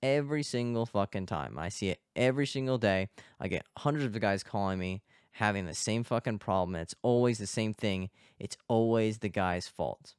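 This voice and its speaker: A man's voice: on the low side, animated, normal speed, clean tone, no room sound, clean studio sound. A man hosting a podcast as a dating coach, talking bluntly and emphatically with a lot of swearing. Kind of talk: casual podcast monologue. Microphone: close podcast mic.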